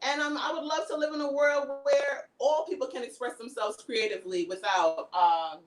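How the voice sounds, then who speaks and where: A woman speaks as a guest in a relaxed interview, with a voice sitting a little high. She talks earnestly and reflectively about her ideas and laughs easily between thoughts. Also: moderate pace, rough recording. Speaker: guest, artist and comedian. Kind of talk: casual interview chat.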